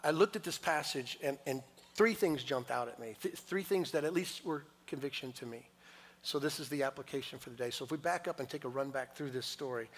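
A man preaching a sermon, moving between hushed, intimate lines and loud, emphatic passages. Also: mid-range voice. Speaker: pastor. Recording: long reverb of a large hall.

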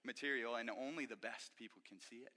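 A man voicing a flattering swindler as he retells a fairy tale in a sermon, dropping his voice low and coaxing. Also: quick pace, lightly acted. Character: two smooth-talking male swindlers, flattering.

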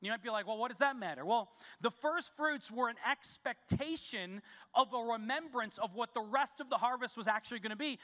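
Male pastor, sermon delivery, emphatic and insistent, high bright voice, long hall reverb. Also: animated, normal speed. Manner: emphatic, repeats key words for stress. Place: church sanctuary.

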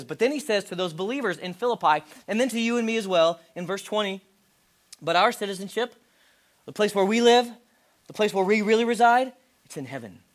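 High-voiced man preaching in a direct, conversational way. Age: 40s. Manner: direct, conversational preaching with dramatic drops to a hush. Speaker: pastor. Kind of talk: sermon.

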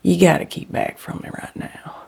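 A woman voicing a tired, sick rural father, giving hushed, urgent warnings to his family. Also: normal speed, close to an everyday voice. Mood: weary. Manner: hushed, urgent warnings, often half-whispered. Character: weary sick rural father, grown man.

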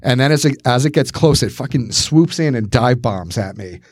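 A man co-hosting a casual podcast, telling a story with lots of swearing and acting out his own shouts. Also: mid-range voice, lively intonation, moderate pace, breathy edge, dry recording, studio quality. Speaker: podcast co-host.

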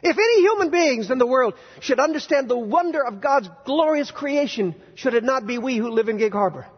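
A man preaching with a strikingly high, husky voice. He is animated and teases his congregation with rhetorical questions and mock outrage. The sound is dull and muffled, with long reverb from a church sanctuary. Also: a little fast. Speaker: pastor. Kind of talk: sermon.

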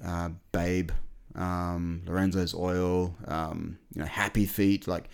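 A man with a very deep, low-pitched voice chats casually on a podcast. He rambles with enthusiasm, stacking fillers and restarting his sentences as he goes. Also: level tone, slow, creaky, smooth. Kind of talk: casual chat.

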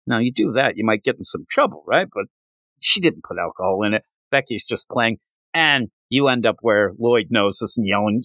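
Animated man rambling through a manga recap. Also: mid-range voice, moderate pace, no room sound. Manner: rambling, animated storytelling with fillers. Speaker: podcast host.

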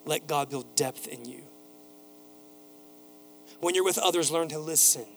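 A man's voice: a little high, a little slow, gravelly, faint music behind. A man preaching a sermon as pastor, building to emphatic repeated phrases and telling a neighbor's story in a casual voice. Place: church sanctuary.

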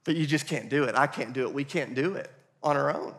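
A man preaching a sermon as pastor, animated and playful, with asides to the congregation. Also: mid-range voice, brisk. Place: church hall. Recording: long reverb of a church hall.

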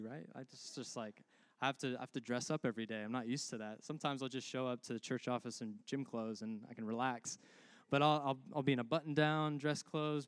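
A man's voice: mid-range voice, clear, resonant tone, dry recording. A young man preaching a sermon as a pastor, conversational and humorous, calling out to his congregation.

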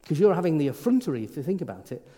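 Rapid-fire and very animated, this middle-aged priest's warm, high-leaning voice carries a conversational sermon. He often trips over words and starts again, and the hall around him is reverberant.

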